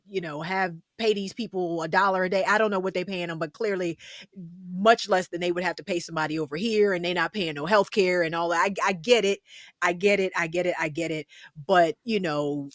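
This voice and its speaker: A woman's voice: lowish voice, dry recording, studio quality. A woman co-hosting a podcast in casual discussion, candid and emphatic in her opinions. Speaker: podcast co-host and TV broadcaster.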